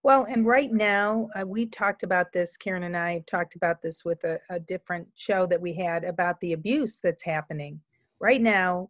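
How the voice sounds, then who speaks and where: A woman's voice: lowish voice, dry recording. A woman hosting a radio talk show, speaking in a supportive, affirming way to her guest. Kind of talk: radio interview. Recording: dry, lo-fi radio audio.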